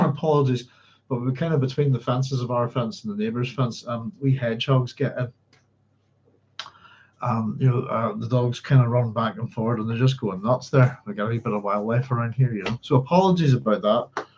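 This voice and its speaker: The book club host here has a medium-pitched, darkish voice and a moderate pace, chatting apologetically and humming as he looks through his notes. His casual livestream sounds slightly dull and lo-fi, with a little hiss or hum.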